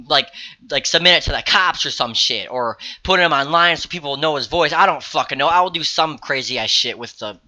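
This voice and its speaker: Excitable, profane teenage boy vlogging. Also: on the high side. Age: teens. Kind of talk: casual storytelling to camera.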